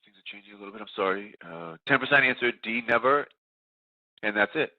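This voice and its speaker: A man with a deep, low voice and a congested, stuffed-up sound from a cold runs audience polls in a steady, procedural way. His voice comes through a tinny, phone-like line. The sound is dry, with no room around it. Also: brisk, dry recording. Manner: steady, procedural, self-correcting. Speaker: webinar moderator.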